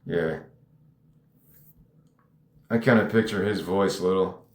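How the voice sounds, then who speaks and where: A man's voice: low voice, slow pace, a little mellow. A man casually talking through his own screenplay, musing aloud and rambling with frequent hedges. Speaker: screenwriter discussing his script. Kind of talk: casual solo commentary. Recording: echoey room.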